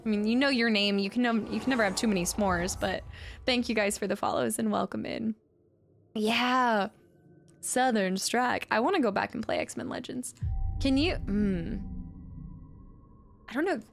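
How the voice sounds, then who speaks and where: A woman's voice: a little high, normal speed, creaky, long pauses, soft background music. A woman streamer chatting casually with viewers while playing a game, laughing often and thanking people for donations and follows. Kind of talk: casual live-stream chat while gaming.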